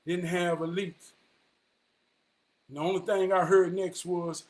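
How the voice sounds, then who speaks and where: A man, telling a personal story in an animated, vernacular way. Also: high voice, measured pace. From Charlotte, North Carolina. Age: 40s. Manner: animated, vernacular, quotes people in dialogue.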